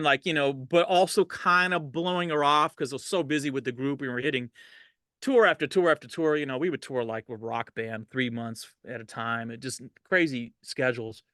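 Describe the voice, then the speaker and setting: A man's voice: medium pitch, steady tone, moderate pace, sharp tone, clear, resonant tone, no room sound, studio quality. A middle-aged man, a DJ, telling stories in a casual interview, laid-back and laughing often, livening up when he quotes people. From Los Angeles. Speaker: DJ, interview guest.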